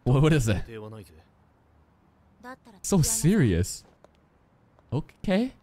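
A man reacting live to an anime episode in casual commentary, excitable and foul-mouthed, laughing often and talking back at the screen. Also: on the high side, very slow.

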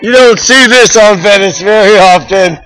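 A man's voice: high voice, normal speed, pushed and bright, low-quality recording. A man vlogging live outdoors on a flooded boardwalk, exclaiming and laughing as he talks into a handheld laptop mic. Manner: exclaiming, laughing, repeating himself. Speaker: street vlogger filming live. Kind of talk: excited live street commentary. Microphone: laptop built-in microphone, handheld.

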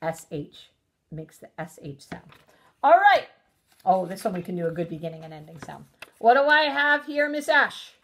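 A woman teaching a recorded phonics lesson to young children, sounding out letters slowly and praising them warmly. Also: mid-range voice, big pitch swings. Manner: encouraging, sing-song, sounds out letters slowly. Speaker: preschool teacher.

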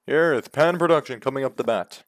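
A man giving play-by-play commentary on a video game baseball league, calm between pitches and yelling on big hits. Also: fairly quick, dry recording, studio quality. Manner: jumps from calm calls to loud excited yells.

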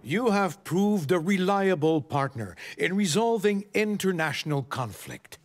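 A man putting on a slow, grand accent to voice a formal male national leader, with game music playing behind. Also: high voice, expressive, pitched above the performer's own voice. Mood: solemn.

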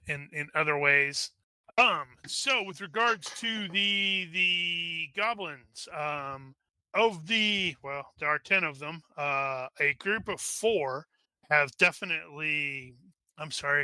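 A man's voice: a little high, sharp tone, clear, resonant tone, dry recording. A man narrating as game master of an online tabletop game, rambling with many fillers and restarts.

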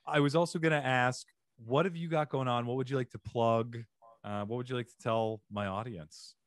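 This podcast host's medium-pitched voice comes through clean studio sound with no echo, at a moderate pace. On his comedy advice show he chats casually, gives advice, and signs off in a lively, upbeat way.

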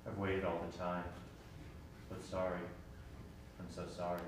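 An actor plays an apologetic man who keeps saying sorry while he waits. His voice sits a bit low. He is heard from far back in a very reverberant theater with a faint hiss. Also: completely flat delivery, unhurried. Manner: apologetic, repetitive. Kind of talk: stage play reading. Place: theater stage. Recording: echoey stage from far off, faint noise.

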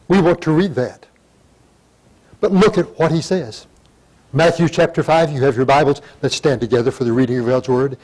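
Older man preaching with sudden loud rises. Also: a little high, moderate pace, pauses often, rough recording. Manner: reads scripture in old-fashioned wording. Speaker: pastor. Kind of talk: sermon.

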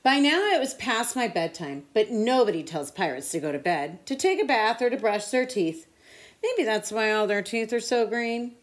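A woman tutor reading a children's picture book aloud with expressive storytelling. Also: a little high, moderate pace.

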